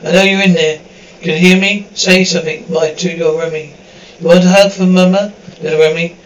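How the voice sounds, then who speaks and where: A man's voice: high-pitched, steady tone, a little fast, highs cut off, lightly acted. A man reading the part of an obsessive, doting middle-aged mother who pleads and coaxes. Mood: pleading. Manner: pleading, cloying.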